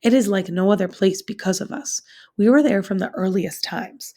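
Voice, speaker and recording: A woman voicing a proud, dignified young free woman of color, speaking calmly and in a measured way in a read-aloud novel. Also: medium pitch, lightly acted.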